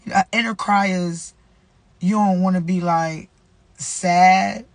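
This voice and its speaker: Reading a devotional aloud and sharing faith advice, this nonprofit-running vlogger speaks casually, with slang and repetition. Her fairly low voice is steady and slow, and the recording is dry.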